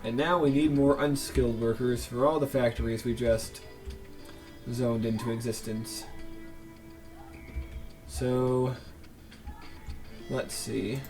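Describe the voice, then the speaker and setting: A man talks through his city-building game at an unhurried pace, with chatty, joking asides. His voice sits at an ordinary middle pitch, with faint game music playing underneath. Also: steady tone, a little mellow. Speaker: let's play host. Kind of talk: casual gameplay commentary.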